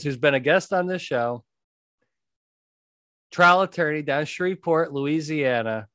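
A man with a slightly high voice gives blunt advice in an emphatic, conversational monologue. He hammers his main points by repeating them, often checking in with a quick "okay". The sound is close and dry, with no room around it. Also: a bit bright, dry recording. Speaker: podcast host and jury consultant.

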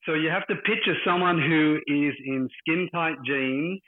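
A man's voice: a little high, measured pace. A man from Australia with an Australian accent, calling in to a live show and chatting casually in a blunt, crude, joking way. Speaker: caller. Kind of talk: casual chat. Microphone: remote call-in line. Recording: tinny phone-like call line.

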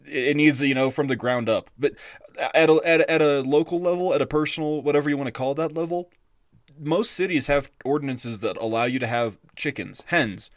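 A man co-hosting a podcast in a rambling, casual chat style, full of fillers and quick laughs. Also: on the high side, no echo, studio quality. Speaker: podcast co-host.

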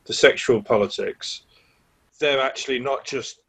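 Husky man rambling in chat. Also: medium pitch, unhurried, fairly bright tone. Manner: rambling, repeats words while thinking. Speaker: podcast co-host. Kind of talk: casual chat about a TV play.

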